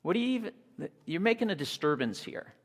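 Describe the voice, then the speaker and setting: A man's voice: a little high, big pitch swings, a little fast, voice pushed up. A man voicing a scornful crowd of men who shush a beggar, in a mocking, dismissive way, recorded in an echoey hall.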